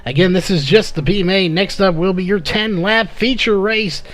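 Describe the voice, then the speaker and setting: A man calling a live race play-by-play, slightly hoarse from losing his voice, with frequent "uh" fillers. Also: high voice, normal speed, a bit bright. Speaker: race commentator.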